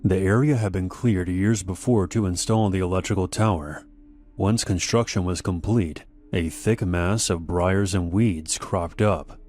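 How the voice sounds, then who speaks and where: A man with a very deep voice reads a scripted horror tale. He sets a measured, unhurried pace. Faint music plays beneath his narration. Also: a little mellow.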